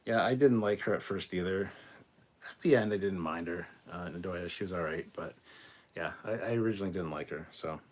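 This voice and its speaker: A low-pitched man with a slightly husky voice, hosting a relaxed livestream. He reads viewer comments aloud and answers them bluntly, dropping the odd swear word as he goes. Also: fairly quick. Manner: laid-back, blunt, swears casually, laughs between comments. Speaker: host reading viewer chat. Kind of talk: casual livestream chat.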